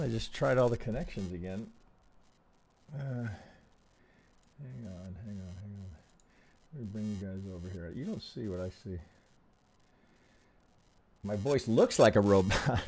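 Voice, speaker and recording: A man's voice: fairly low pitch, vocal fry, a little mellow, a little hiss or hum. A man hosting a trading live stream, talking casually and bluntly with frequent swearing, close to a desk mic. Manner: blunt and profane, thinking aloud while troubleshooting.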